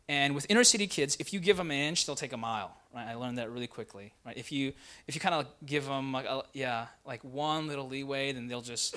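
A young adult man, an intern pastor, telling a personal story in a sermon with lots of "right?" tags and animated delivery. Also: mid-range voice.

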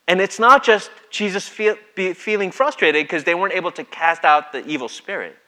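A pastor with a high voice and a moderate pace delivers his sermon like a conversation. He reads scripture aloud, dramatizing the quotes in energetic voices.

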